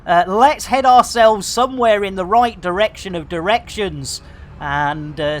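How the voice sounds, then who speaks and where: A man's voice: sits high, a little slow, a little hiss or hum. Jokey man streaming a game. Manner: jokey, full of innuendo and mock announcements. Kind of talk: live gameplay stream chat.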